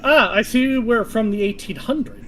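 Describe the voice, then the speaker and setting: A man's voice: sits high, moderate pace, a bit bright, slight background noise. A man chatting casually on a gaming stream, making dry wry quips. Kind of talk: casual chat while gaming.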